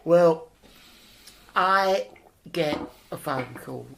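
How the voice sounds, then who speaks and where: A podcast co-host telling rambling comic stories in casual banter. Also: female voice, low voice, drawn-out words, vocal fry. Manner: rambling storyteller.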